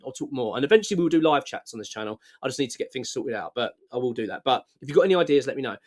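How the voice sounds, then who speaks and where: Guy vlogging, earnest and frank, trips over his words, voice a bit high. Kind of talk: casual talk to camera.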